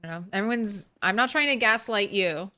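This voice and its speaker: Her medium-pitched voice is brisk and sharp-toned as she streams a game live. The young woman chats casually, greets her chat, and giggles in a bubbly manner.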